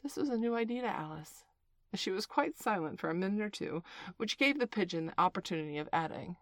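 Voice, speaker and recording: A woman's voice: mid-range voice, expressive, fast, no room sound. Woman reading a storybook aloud, dry. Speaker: narrator.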